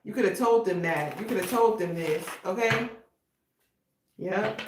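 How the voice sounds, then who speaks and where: A woman talks her way through a tarot reading in a loose, blunt, slangy manner. Her voice has a middling pitch and sounds echoey, as if from a bare room. A clear hiss runs under it. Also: measured pace. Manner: blunt, slangy, street-talking, repeats "okay?". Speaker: tarot reader.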